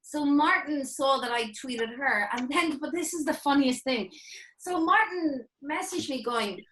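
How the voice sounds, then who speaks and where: A high-voiced woman chatting as a podcast guest. She tells stories with lots of energy, acts out what people said, and laughs along the way. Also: measured pace, poor audio. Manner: animated storyteller, acts out quotes, laughs often. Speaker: guest actor. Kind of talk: casual podcast chat.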